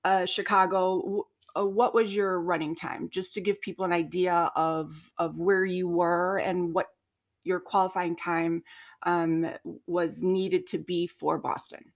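A woman's voice: lowish voice, little pitch movement, a little slow. A woman hosting a podcast, asking questions and explaining things with many fillers. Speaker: podcast host. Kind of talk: conversational podcast interview.

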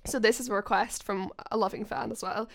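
A woman's voice: mid-range voice, steady tone, fairly quick, creaky, dry recording, studio quality. A young woman interviewing a podcast host in casual chat, upbeat and encouraging. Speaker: guest interviewer.

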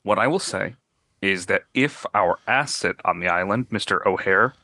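A man running a comedic tabletop game as game master, playful and quick to laugh. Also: sits low, bright, forceful tone, no echo. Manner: playful, joking, breaks into laughter.

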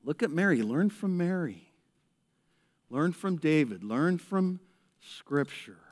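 Pastor guy preaching in church, slightly high voice, gets loud acting out characters then goes quiet. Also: takes it slowly. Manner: animated, acts out characters in raised voice, drops to hushed prayer. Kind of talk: sermon. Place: church service.

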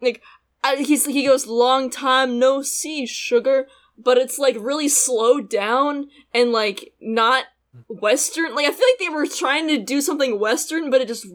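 A young woman co-hosting a casual podcast chat, talking quickly with frequent laughs and a sarcastic edge. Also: high-pitched. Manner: chatty, laughs often, sarcastic. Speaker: podcast co-host. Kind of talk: casual chat reviewing an anime.

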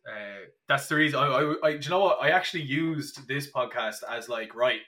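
A man's voice: medium pitch, expressive, fairly quick, bright, forceful tone. A young Irish man chatting as a podcast guest, telling stories with many restarts and fillers. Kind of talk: casual podcast chat.

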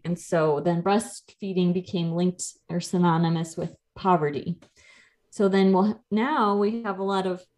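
Her voice is lowish and dark: a woman in her thirties who coaches nutrition and co-hosts a podcast. She explains in a chatty, laid-back manner and laughs easily during the casual chat.

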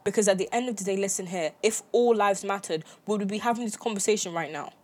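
A woman's voice: mid-range voice, fast. A young adult woman hosting her own podcast, giving an impassioned opinion monologue full of emphatic repetition. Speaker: podcast host.

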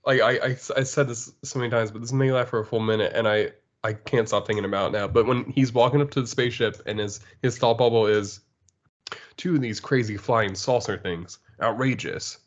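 A man's voice: medium pitch, steady tone, fast talker, few pauses, highs cut off. A man chatting casually about a comic book, often laughing as he talks. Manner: giggly, laughs through his words. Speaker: comic book podcast co-host. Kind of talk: casual chat.

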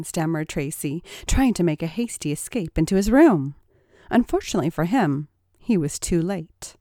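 Woman narrating fiction with an animated, lowish voice. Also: normal speed, dry recording, studio quality. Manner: expressive, voices each character. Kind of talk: scripted adult fiction narration.

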